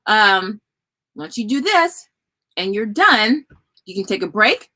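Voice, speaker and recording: A woman's voice: mid-range voice, big pitch swings, takes it slowly, sharp tone. A woman hosting a casual live stream, giving homeschooling advice and talking to viewers as y'all. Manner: chatty, addresses viewers as y'all.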